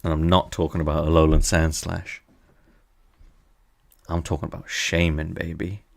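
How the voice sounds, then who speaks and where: A man's voice: deep voice, little pitch movement, normal speed, creaky. A young man streaming from his desk, teasing his chat in a playful, casual way.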